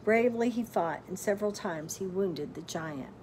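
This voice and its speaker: A woman reads a storybook aloud with expressive narration, pausing to ask her listeners questions like a teacher. Her voice sits in an ordinary middle pitch. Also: a little hiss or hum. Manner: expressive, pauses to quiz listeners.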